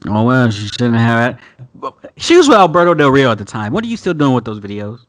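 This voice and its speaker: A man's voice: mid-range voice, sing-song, fairly quick. Profane casual male podcast host. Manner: blunt, profane, laughs often. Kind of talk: casual chat, reading an article aloud. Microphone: video call.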